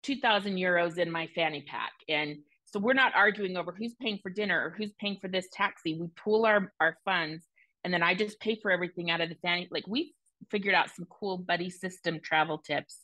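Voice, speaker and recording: A bubbly, quick-talking woman broadcaster in casual podcast chat. Her voice sits a little low for a woman and sounds dry and close. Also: bright, forceful tone, dry recording, low-quality recording. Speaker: sports broadcaster.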